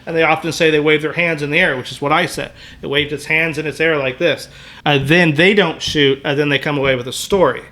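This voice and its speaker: A man's voice: fairly high pitch, steady tone, fairly quick, sharp tone. Rambling man telling hunting stories. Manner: rambling, full of "like" fillers. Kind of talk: casual storytelling.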